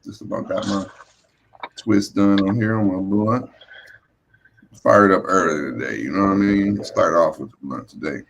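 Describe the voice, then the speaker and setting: A man's voice: deep voice, moderate pace, gravelly, a little hiss or hum. A man hosting a casual livestream morning show, laid-back and swearing, greeting his chat. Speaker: host. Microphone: streaming setup microphone.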